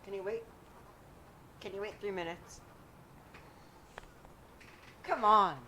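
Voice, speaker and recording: A woman chatting casually while gaming with friends, given to whiny protests and sudden yells. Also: mid-range voice, steady tone, takes it slowly, noisy background. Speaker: gamer streaming with friends.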